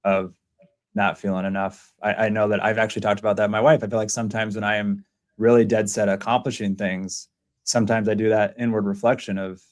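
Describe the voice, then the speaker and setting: A man hosting a casual interview podcast, retelling stories with lively quoted voices. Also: fairly quick. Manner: animated storyteller, voices quotes in a high excited tone. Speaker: podcast host.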